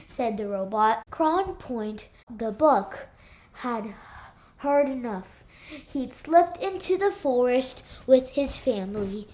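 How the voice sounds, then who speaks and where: A woman reading a children's novel aloud, unhurried, raising her voice for the animal characters. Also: a little high, expressive. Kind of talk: read-aloud storytelling.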